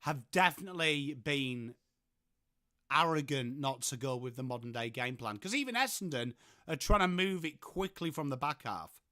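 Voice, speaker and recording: A man's voice: mid-range voice, animated, moderate pace, pushed and bright, dry recording, clean studio sound. A man with an English accent hosting a casual football watchalong livestream, chatting and swearing while answering viewers in chat. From England. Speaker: livestream host. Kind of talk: casual live-stream chat.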